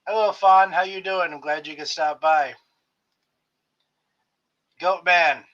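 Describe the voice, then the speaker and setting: A man's voice: on the high side, fairly even intonation, takes it slowly, a bit bright. A man hosting his own live stream, chatting casually and greeting viewers by name with friendly jokes. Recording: slightly dull lo-fi stream audio.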